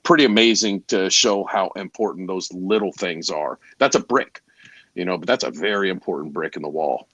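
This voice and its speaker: A man, a garage door salesperson, telling lively stories in a casual interview, acting out the dialogue and sometimes losing his train of thought. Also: sits low, normal speed, slightly rough, no room sound, dull audio. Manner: animated, acts out dialogue in stories.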